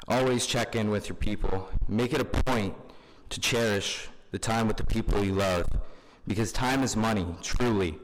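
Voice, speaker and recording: A man's voice: fairly low pitch, normal speed. Young man giving a eulogy in a hall. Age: young adult. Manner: informal, many fillers. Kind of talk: funeral eulogy. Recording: long hall reverb.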